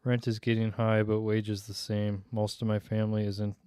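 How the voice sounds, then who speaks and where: Laid-back and quick to laugh, this young Minnesotan answers his stream viewers' chat, a slight Minnesota accent showing through. He speaks at a moderate pace in a fairly low, level, warm voice, and the recording is smooth, dry and cleanly studio-made.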